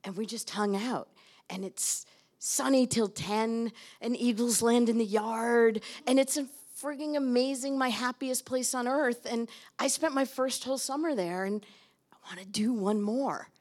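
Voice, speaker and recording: A woman's voice: fairly high pitch, a little slow, darkish tone. Candid middle-aged woman telling a story. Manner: candid, conversational, acts out quoted dialogue. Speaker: speaker addressing an audience. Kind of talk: personal storytelling talk.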